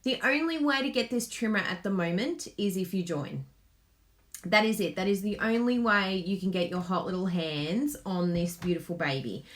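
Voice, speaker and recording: A woman's voice: medium pitch, expressive, moderate pace. Bubbly Australian woman, chatty. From Queensland, Australia. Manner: bubbly, laughs often, chatty. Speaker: craft demonstrator host. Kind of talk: casual live chat.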